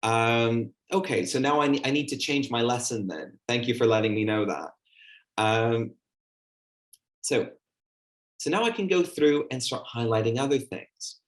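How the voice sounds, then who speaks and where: In an online teaching workshop, a man with an animated, mid-range voice takes his time. He's a chatty teacher trainer who leans on fillers while demonstrating his classroom talk.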